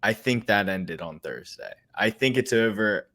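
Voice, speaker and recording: A man's voice: on the low side, big pitch swings, measured pace, fairly bright tone. A man co-hosting a casual sports chat, complaining in an exasperated, emphatic way. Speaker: podcast co-host.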